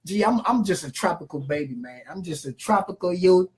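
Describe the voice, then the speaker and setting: A man's voice: sits high, expressive, a little fast, husky. A man with a Jamaican accent, a guest musician chatting on a radio show in laid-back patois. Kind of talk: casual radio chat.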